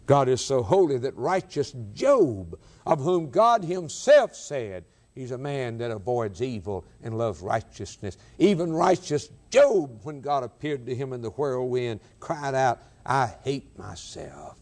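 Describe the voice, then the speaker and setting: Man, preacher, sermon, lively rising and falling pitch, loud then hushed. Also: measured pace, few pauses. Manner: dramatic preaching with sudden swings from loud to hushed.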